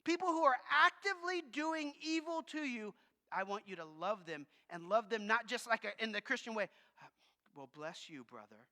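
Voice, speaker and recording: Man, pastor, sermon, loud talker, animated, lively, long hall reverb. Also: very high-pitched, moderate pace. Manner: self-described loud talker, animated and conversational. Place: church sanctuary with congregation.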